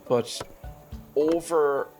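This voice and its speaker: A man's voice: on the high side, extremely slow, darkish tone, faint music behind. An Irish man streaming a game, chatting casually and self-deprecatingly, laughing often and swearing now and then. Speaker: gaming streamer. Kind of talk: casual chat over gameplay.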